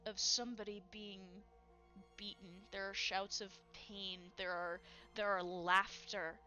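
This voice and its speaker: Slow, atmospheric woman game master. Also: medium pitch, level tone, pushed and bright, dull audio, soft background music. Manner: measured, atmospheric narration. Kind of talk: narrating a tabletop game.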